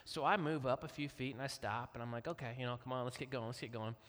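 A middle-aged man telling a family story from the pulpit as a guest speaker, acting out the quotes in an animated way. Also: mid-range voice, fast. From Kentucky. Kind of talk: storytelling sermon. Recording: long hall reverb.

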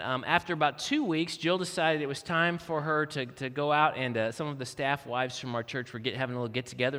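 Middle-aged guy preaching, high bright voice, jokey storyteller, big echoey hall. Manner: animated, self-mocking, acts out quotes. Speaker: guest speaker. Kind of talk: storytelling sermon.

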